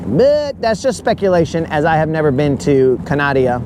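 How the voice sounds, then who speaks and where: A man's voice: on the high side, big pitch swings, moderate pace, noisy background. A man hosting a fishing livestream from a boat, joking around in a rambling, goofy way and calling everyone bro. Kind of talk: casual joking chat. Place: on a boat on a lake, outdoors.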